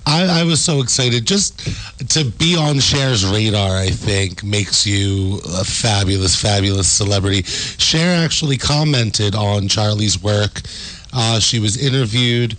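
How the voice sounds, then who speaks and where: A man's voice: lowish voice, expressive, measured pace, a bit bright, low-quality recording. A man wrapping up a radio segment, gushing with praise. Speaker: radio show co-host. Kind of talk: radio wrap-up commentary.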